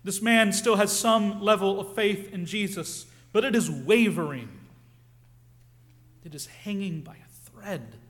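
A man preaching a sermon, earnest and reflective, often dropping to a hush on key phrases. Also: sits high, unhurried.

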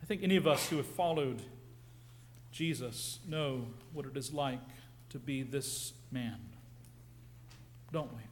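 A man preaching a sermon, earnest and reflective, often dropping to a hush on key phrases. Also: mid-range voice, a little slow, pauses often, slight background noise.

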